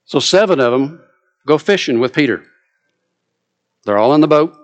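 A man's voice: a little high, animated, moderate pace, lo-fi sound. A man preaching a sermon, retelling a story with drama and vivid asides.

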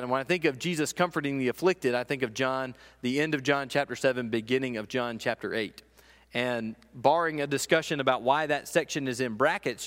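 An earnest man preaching a sermon in a church hall. His voice sits at a middling pitch and carries a long, lingering reverb. He slows and softens for quiet stretches, then builds to emphatic peaks. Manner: earnest, with quiet, slow passages and rising emphatic ones.

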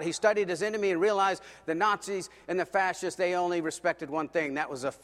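A man preaching a sermon, telling a story dramatically and swinging between loud passages and hushed ones. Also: on the high side. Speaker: pastor. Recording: long reverb of a large hall.

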